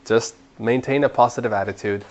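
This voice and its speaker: A man teaching a training class in an earnest way, repeating words as he builds a point and growing animated when he urges people on. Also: medium pitch, a little fast, a little hiss or hum. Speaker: Bible study trainer.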